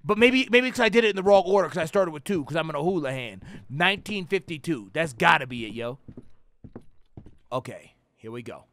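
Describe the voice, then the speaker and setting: A young man giving profane, slangy commentary on a horror game, yelling and cursing at jump scares. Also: a little high, lively intonation, brisk. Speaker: gaming YouTuber. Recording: faint background noise.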